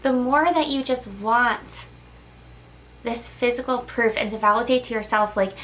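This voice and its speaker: High-voiced woman giving soothing reassurance. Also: measured pace. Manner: soft, reassuring, casual with fillers, laughs between lines. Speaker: crystal healer giving a channeled message. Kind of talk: gentle spiritual pep talk to camera.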